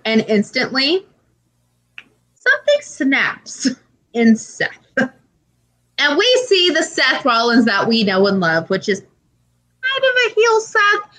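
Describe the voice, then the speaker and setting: A woman co-hosting a casual podcast, telling an animated story peppered with swearing and filler words. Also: high-pitched, rough recording. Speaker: podcast co-host. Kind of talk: casual chat.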